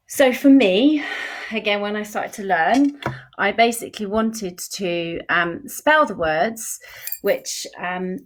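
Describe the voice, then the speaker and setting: Patient British woman teaching, slow-paced. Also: mid-range voice. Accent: British English. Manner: slow, patient explaining with a lively, expressive voice. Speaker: sign language teacher. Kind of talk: informal teaching video.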